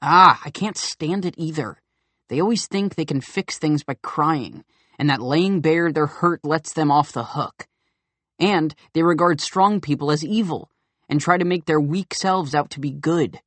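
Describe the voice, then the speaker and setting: A man's voice: on the high side, a little slow, a bit bright, dry recording. A man voicing a skeptical young man who challenges a teacher with pointed questions and retorts in an audiobook dialogue.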